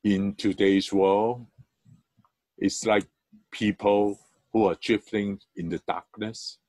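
A male church elder preaching at an unhurried pace, stressing key words with sudden lifts in his voice. The sound is dry and close, with no room reverb. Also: fairly low pitch, darkish tone. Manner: earnest storytelling, emphatic rises. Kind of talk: sermon.

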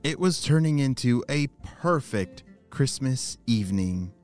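A man's voice: medium pitch, measured pace, soft background music. A man narrating a children's story and talking to young listeners. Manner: animated, talks to young listeners.

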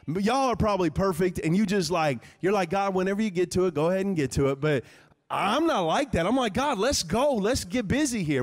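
A male pastor preaching a live sermon in a church, talking conversationally and acting out prayers as quoted speech. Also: high-pitched. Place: church sanctuary. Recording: live church hall reverb.

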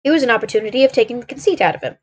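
Husky woman reading a mystery aloud. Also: on the high side, very fast. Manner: steady narration with small slips. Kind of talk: storybook reading on a stream.

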